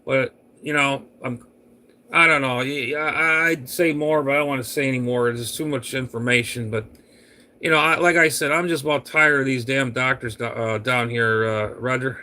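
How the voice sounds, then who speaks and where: A man's voice: medium pitch, fairly even intonation, normal speed, bright, forceful tone. A man on CB radio, chatting casually in a rambling, grumbling, fed-up way. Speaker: CB radio operator.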